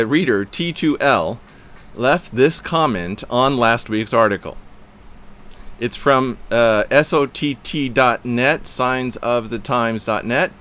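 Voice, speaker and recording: A man hosting a Christian podcast, reading his own written rant aloud with asides, emphatic and preachy, quick to laugh at himself. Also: medium pitch, fairly bright tone.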